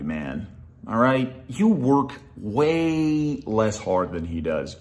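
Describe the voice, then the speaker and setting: A young man delivering an angry, profane rant at someone, mocking him and calling him "dude" again and again. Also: lowish voice. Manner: heated, profane, mocking, repeatedly says "dude". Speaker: YouTuber responding to a video.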